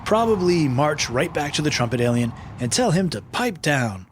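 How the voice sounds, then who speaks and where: A man's voice: on the high side, big pitch swings, moderate pace, a little hiss or hum. A man hosting and narrating a scripted children's adventure story, patient and friendly. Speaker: host and narrator.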